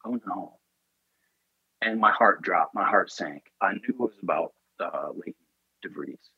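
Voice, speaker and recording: A man's voice: deep voice, moderate pace, breathy edge, no echo, phone-quality sound. A man earnestly telling a personal story in an interview, emotional and full of "you know" and "like".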